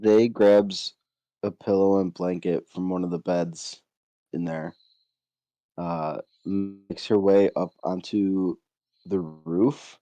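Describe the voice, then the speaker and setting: A man's voice: low voice, steady tone, takes it slowly, mellow, no echo, muffled recording. A man playing a tabletop game, describing his character in a laid-back, blunt way with casual swearing. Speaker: player. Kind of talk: tabletop game role-play.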